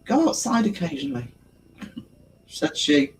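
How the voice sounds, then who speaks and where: Chatty high-voiced man streaming. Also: sing-song, a little slow, slight background noise, rough recording. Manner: chatty, laughs often, many fillers. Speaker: livestream host. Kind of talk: casual livestream chat reading comments.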